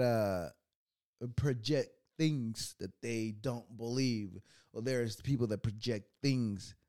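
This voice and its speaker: A man's voice: on the low side, warm tone, dry recording, studio quality. A young adult man hosting his own show, ranting casually with a lot of swearing and mocking laughter. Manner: profane, mocking, laughs often. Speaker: podcast host.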